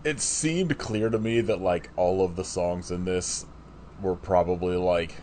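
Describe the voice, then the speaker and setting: A low, dark-toned male voice speaks at a measured pace over a little hiss or hum. He co-hosts a podcast and reviews a movie in a rambling, casual way, leaning on "like" fillers and restarts.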